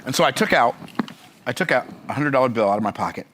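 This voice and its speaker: A man's voice: mid-range voice, fast, a little hiss or hum. A man who is a business coach, telling a story in a motivational speech and acting out the other people in it. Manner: animated, acts out the other people in his story.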